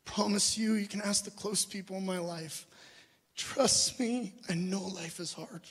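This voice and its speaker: A man's voice: sits high, steady tone, a little slow, fairly bright tone, breathy edge. A young adult man preaching a sermon, telling a personal story earnestly and asking the audience questions. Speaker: pastor.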